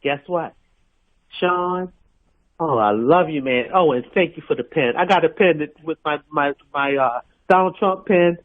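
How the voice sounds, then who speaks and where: A woman's voice: sits low, measured pace. An older woman calling in to a radio show, talking emphatically and repeating herself for stress. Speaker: caller. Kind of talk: radio call-in. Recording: tinny phone line.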